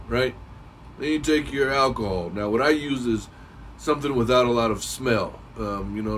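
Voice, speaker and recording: A man's voice: mid-range voice, a bit bright, slight background noise. Chatty man talking from a distance. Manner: chatty, rambling, clears throat often. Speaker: cigar reviewer. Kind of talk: casual how-to talk.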